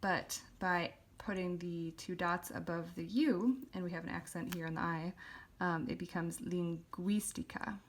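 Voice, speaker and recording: A woman calmly teaching a calligraphy lesson, explaining step by step with occasional ums while she writes. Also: fairly low pitch, normal speed. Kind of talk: instructional voice-over while writing.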